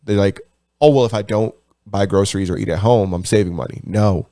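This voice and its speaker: A man's voice: on the low side, brisk, dark tone. A young adult man co-hosting a casual podcast chat, talking profanely and acting out the people he quotes. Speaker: podcast co-host.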